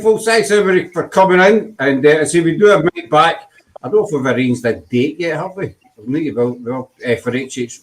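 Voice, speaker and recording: A man's voice: mid-range voice, poor audio. A Scottish man hosting a casual live show, joking about himself and laughing often. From Scotland. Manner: jokey, self-mocking, laughs often. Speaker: host.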